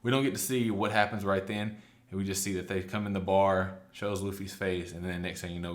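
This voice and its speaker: A man casually recapping a story, chatty and loose, slipping into quick quoted lines. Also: sits low, flat delivery. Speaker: anime recap host.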